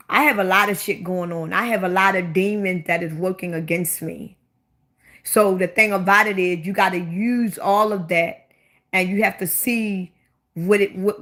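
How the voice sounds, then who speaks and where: A livestream host over 25 with a Baltimore accent speaks in a mid-range, fairly bright voice. She chats bluntly and at length on her own stream, often repeating her questions for emphasis.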